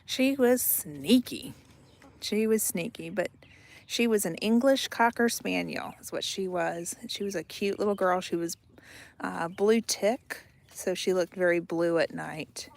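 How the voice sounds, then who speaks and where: A woman's voice: on the low side, unhurried, creaky. Chatty laughing woman by her chickens. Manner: chatty, laughs often, trails off and repeats herself. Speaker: homesteading vlogger. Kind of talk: casual chat to camera. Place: outdoors by a backyard chicken coop.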